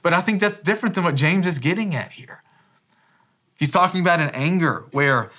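A man's voice: fairly high pitch, animated, a little fast, bright, forceful tone. A pastor in his thirties preaching a sermon in a casual, conversational way, often restarting phrases and dropping in "man" as an aside. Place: church.

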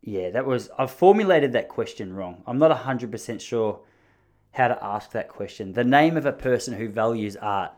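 A young Australian man chatting casually on his own, rambling and swearing, laughing easily, with his pitch jumping when he is amused. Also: animated, normal speed, darkish tone. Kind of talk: casual monologue.

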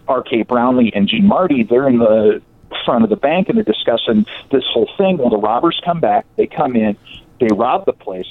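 Male storyteller, lively swooping delivery, slightly high voice, tinny phone-like dry sound. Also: creaky, dry recording. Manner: animated, acts out quoted voices. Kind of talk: casual storytelling of local history.

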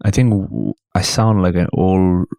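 A man, a stand-up comedian chatting casually on a podcast, telling animated stories and swearing freely. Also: sits low, unhurried, creaky, no echo, clean studio sound. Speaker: guest host, stand-up comedian.

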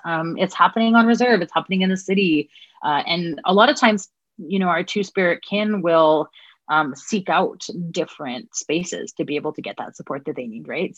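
An earnest woman answers interview questions, pausing often with ums. Her voice is husky and sits on the low side. The recording is slightly dull, with soft music underneath. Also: no echo. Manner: earnest, many ums and uhs. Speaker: interview guest, Two-Spirit community worker. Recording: dull, lo-fi sound with faint music.

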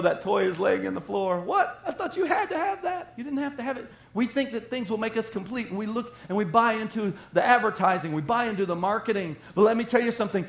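A man preaching a sermon in an animated way, slipping into little acted-out voices of everyday people. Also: high-pitched. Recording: roomy echo.

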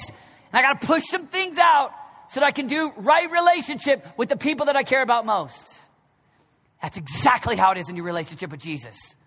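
A man in his thirties preaching a sermon, dropping to a near whisper and then rising to shouts. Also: very high-pitched. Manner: swings from hushed, near-whispered reflection to loud, shouted exhortation. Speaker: pastor. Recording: long reverb of a large hall.

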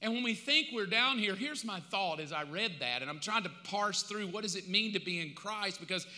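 A man preaching a sermon as pastor, emphatic and conversational, swinging from loud to hushed. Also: high voice, lively intonation, moderate pace. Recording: long hall reverb.

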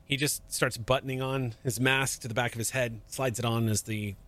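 A man narrating as game master in a relaxed, chatty way, with frequent fillers. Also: mid-range voice, normal speed.

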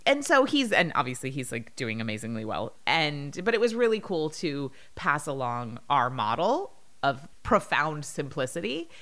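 Podcast co-host, woman, 30s, slightly low voice, casual and animated storyteller. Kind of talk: casual chat.

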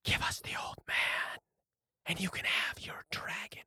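A man voicing a huge, sinister, ambitious golem in a raspy whisper, as whispered role-play in a tabletop game. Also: a little slow, pushed and bright, dry recording, clean studio sound. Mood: menacing.

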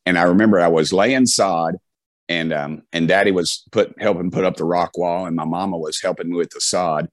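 A man's voice: low voice, steady tone, a little fast, dry recording. A middle-aged man with a Southern US accent, telling folksy stories as an interview guest, with many restarts and fillers. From Tennessee. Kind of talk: casual storytelling.

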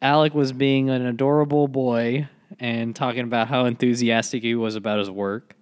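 A man's voice: mid-range voice, steady tone, moderate pace, smooth. A young man co-hosting a casual film podcast, laid-back, swearing and trailing off mid-thought. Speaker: podcast co-host.

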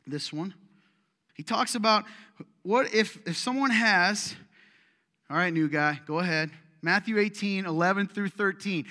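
A man's voice: high voice, expressive, normal speed, sharp tone, big-room sound. A man preaching a sermon to his church, teasing and joking with the congregation in a casual, conversational way. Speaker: pastor. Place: church sanctuary.

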